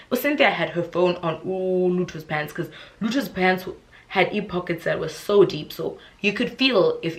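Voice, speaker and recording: A young woman with a South African accent, telling a casual storytime vlog in an animated, dramatic way, with shrill high voices for the people she quotes and hushed whispers for the tense parts. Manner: drops into hushed whispers when telling suspense. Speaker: YouTuber.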